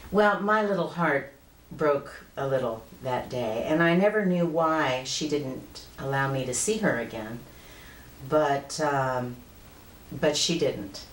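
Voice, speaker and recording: Low-voiced woman in her fifties telling a story. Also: animated, slow pace, echoey room, slight background noise, poor audio. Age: 50s. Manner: earnest, conversational. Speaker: vlogger. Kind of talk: personal storytelling.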